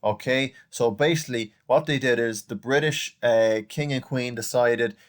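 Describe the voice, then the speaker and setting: A man's voice: mid-range voice, moderate pace. A young adult man with an Irish accent, teaching a recorded online lesson in a chatty way, often saying "okay" and "guys". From Ireland.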